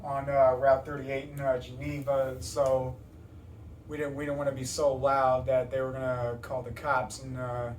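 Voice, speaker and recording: A man's voice: medium pitch, level tone, moderate pace, slight background noise. A young man in an interview, talking casually and rambling with many fillers and restarts. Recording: roomy, distant mic.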